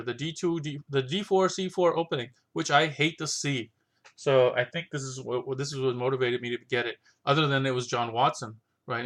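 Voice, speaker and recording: A man's voice: medium pitch, a bit bright. A man talking casually through his collection of books, thinking aloud and rambling with many restarts and fillers. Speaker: vlogger reviewing his chess books. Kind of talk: casual unscripted talk.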